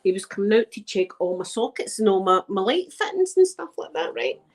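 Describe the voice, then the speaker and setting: A woman's voice: mid-range voice, big pitch swings, fairly quick, a little mellow. An older woman with a Scottish accent, chatting and telling funny stories straight to her viewer, laughing as she goes. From Scotland. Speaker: ASMR vlogger. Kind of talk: casual storytelling to camera.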